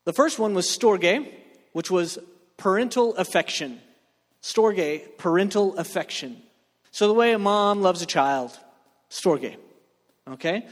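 High-voiced joking preacher in a reverberant hall. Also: male voice. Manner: talks with the room, joking, asks for reactions. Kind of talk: joking sermon.

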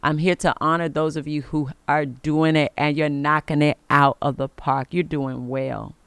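Smooth-voiced woman giving preacher-like blessings. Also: low voice, steady tone, normal speed, no room sound. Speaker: podcast host. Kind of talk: inspirational faith podcast monologue.

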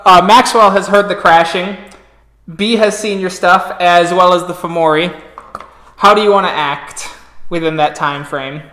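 A man acting as storyteller for a tabletop role-playing game, calling out dice rolls with relaxed "uh" pauses. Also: high voice, roomy sound.

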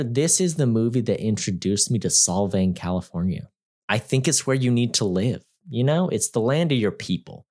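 A man giving a casual, rambling movie review, chatty and joking, with lots of fillers. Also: lowish voice.

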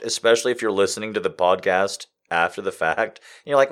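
A man hosting a live podcast, telling a story to his chat, dropping from hushed whispers to loud, profane, teasing jokes. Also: fairly low pitch, expressive, brisk, few pauses. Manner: swings from hushed whispers to loud crude joking. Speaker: livestream podcast host.

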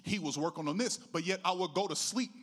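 With a voice that sits high and a brisk pace, a middle-aged pastor shares his own story in a sermon. His sing-song preaching rises from a hush to full volume.

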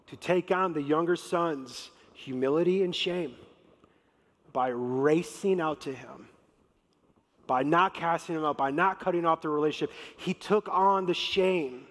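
A man preaching a sermon as a pastor, telling the story in an animated way with casual slang. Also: on the high side. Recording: reverberant large hall.

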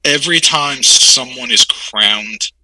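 A man's voice: mid-range voice, bright, forceful tone, no room sound, poor audio. A man co-hosting a casual chat over a video call, talking eagerly and opinionatedly about wrestling. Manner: enthusiastic, quick opinionated wrestling fan. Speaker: podcast co-host.

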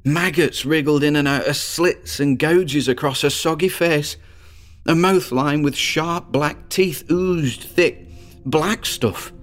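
A man's voice: a little high, slow, pitched above the performer's own voice. A man playing a boastful teenage boy who tells a ghost story and builds suspense. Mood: spooky.

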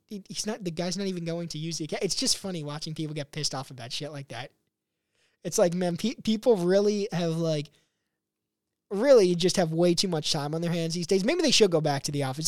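A man's voice: a little high, darkish tone, smooth, no echo, studio quality. A young man hosting a podcast, reading news items aloud and riffing on them in a blunt, profane, rambling way, with mocking imitations of other people. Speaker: podcast host. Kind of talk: casual commentary reading news.

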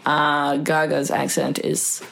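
A woman's voice: sits low, monotone, takes it slowly, creaky, a bit bright, a little hiss or hum. A young woman co-hosting a casual podcast, chatty and laughing often, full of "like" and "I don't know.". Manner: chatty, laughing, filler-heavy. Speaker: podcast co-host. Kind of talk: casual chat.

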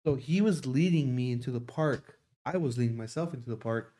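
A man's voice: medium pitch, brisk, mellow. A young man in casual podcast talk, rambling through a long story with lots of swearing. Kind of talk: casual chat.

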